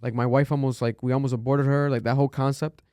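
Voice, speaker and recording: A man's voice: medium pitch, level tone, quick pace, darkish tone, no echo. A man hosting a podcast, talking casually and loosely with lots of fillers and cursing. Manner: loose and chatty, curses often, many fillers. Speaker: podcast host.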